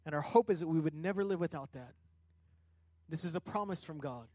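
Middle-aged male pastor, high-pitched, conversational sermon with animated peaks, dry recording. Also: brisk, dry recording. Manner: conversational preaching with rising animated bursts.

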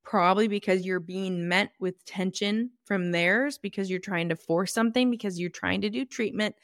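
A woman's voice: mid-range voice, steady tone, moderate pace, dry recording, clean studio sound. A woman hosting her own podcast, explaining clinical work in a casual, emphatic way and correcting herself as she goes. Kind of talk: solo podcast talk.

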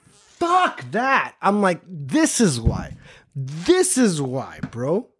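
A man's voice: a little high, wildly swooping pitch, extremely slow, slightly rough. A man hosting a podcast, telling a casual, profane story and repeating phrases for emphasis. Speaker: podcast host.

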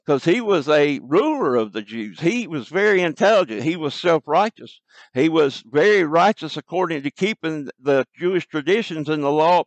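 A male preacher delivering a broadcast sermon in a slightly high voice. He reads old scripture verses slowly, leaning on each key word. The recording is dry and close. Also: no echo. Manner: slows to stress scripture quotes; King James scripture reading with plain commentary.

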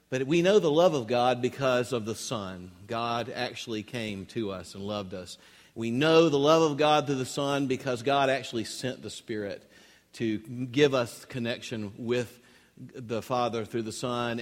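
A man's voice: medium pitch, long reverb tail. A man preaching a sermon in a conversational storytelling way, restarting his phrases as he goes. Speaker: pastor. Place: church.

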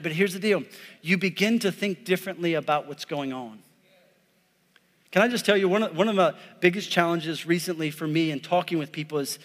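A man preaching a lively, conversational sermon as a pastor, calling out to his congregation. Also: sits high, long reverb tail. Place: church sanctuary.

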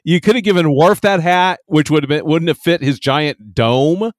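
A man co-hosting a podcast, trading sarcastic jokes and quick agreements in casual chat. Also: on the high side, dry recording, clean studio sound. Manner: sarcastic, joking banter. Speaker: podcast co-host.

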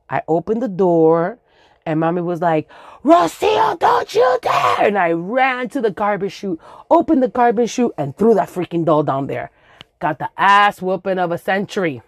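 A woman's voice: on the low side, dry recording, clean studio sound. A woman in her forties from the Dominican Republic, telling a comic story with swearing, sound effects and Spanish words mixed in.

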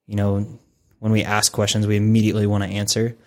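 A man's voice: on the low side, completely flat delivery, fast, a little mellow. A man co-hosting a faith podcast who asks probing questions and talks earnestly to the listener in the second person. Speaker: co-host of a discipleship podcast. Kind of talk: reflective faith discussion.

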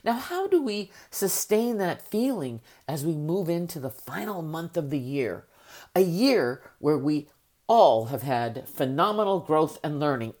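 Woman podcast host and coach, low voice, upbeat and emphatic, voice still recovering from raspiness. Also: sing-song, measured pace, a little mellow. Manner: upbeat, emphatic, direct address to listeners. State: recovering from a raspy voice. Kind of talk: motivational podcast monologue.

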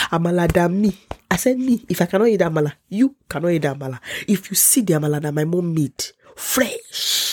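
A young woman with a Nigerian accent recounts a story to camera, dramatic and full of laughs. Her voice sits a little low and has a husky, breathy edge, and she sounds congested from a cold. She jumps up in pitch whenever she quotes someone. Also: a little mellow, dry recording. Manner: dramatic, acts out quotes in a raised voice, laughs often. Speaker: vlogger. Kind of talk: animated storytelling.

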